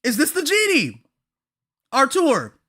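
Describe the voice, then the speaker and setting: A woman with a high, bright-pitched voice hosts a livestream reaction to a manga chapter. She addresses her chat directly in an excitable, hyped-up manner that often tips into frantic shouting. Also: slow.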